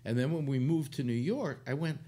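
A man's voice: mid-range voice, fairly quick, dark tone. An older man from California hosting a casual, rambling chat, full of fillers and restarts. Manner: meandering, many fillers and restarts. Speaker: show host.

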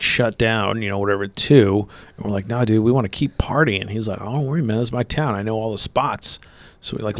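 Gravelly low-voiced guy rambling thru swear-heavy old stories, dry mic. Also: dry recording. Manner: rambling, profane, laughs mid-story, swings loud when quoting the angry coach. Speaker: podcast co-host. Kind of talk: casual storytelling chat.

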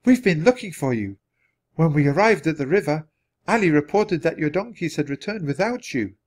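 A man voicing a kind, caring woman nurse in a storybook reading, speaking softly and comfortingly. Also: a little high, lively intonation, moderate pace, voice pushed up. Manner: soft, comforting.

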